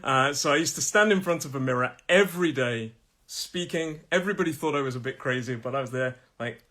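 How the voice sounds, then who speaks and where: A man with a British accent teaching English pronunciation on a live stream from his phone, chatty and laughing often, slowing down to repeat each word with its stress. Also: medium pitch, bright, forceful tone. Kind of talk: live-streamed language lesson.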